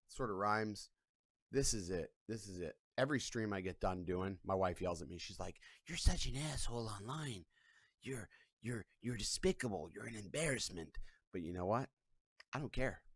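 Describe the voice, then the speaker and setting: A man's voice: lowish voice, no room sound, studio quality. A man hosting a casual live stream, rambling in a profane, irreverent way from his couch at home. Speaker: livestream host.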